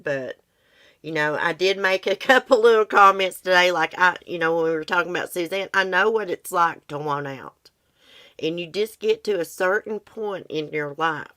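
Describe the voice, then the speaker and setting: A woman's voice: low-pitched, fairly bright tone. A middle-aged woman, chatting casually and confiding rambling thoughts to her livestream viewers. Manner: rambling, confiding, talks to chat. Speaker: livestream host.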